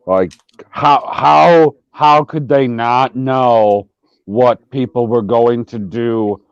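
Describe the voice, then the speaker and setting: A man's voice: medium pitch, a little mellow, no room sound, highs cut off. A man co-hosting a casual podcast, exasperated and incredulous, cursing freely. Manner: swears a lot, exasperated, incredulous.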